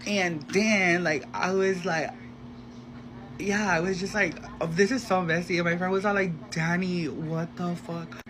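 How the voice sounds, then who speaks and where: A man telling a gossipy storytime in a casual, animated way, acting out the voices of the people in it. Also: high voice, a little slow. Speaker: storyteller in a social media clip. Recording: noisy background.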